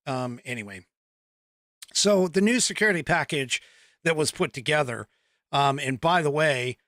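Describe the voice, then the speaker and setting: A man's voice: fairly high pitch, bright, forceful tone, no room sound. A man hosting a political podcast, rambling through news in casual live-stream talk, reading the chat aloud and chuckling often.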